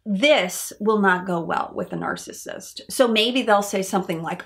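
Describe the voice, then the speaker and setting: A woman psychologist speaking to her viewers in an educational talk, at a middle pitch. She explains step by step and often asks rhetorical questions. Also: moderate pace.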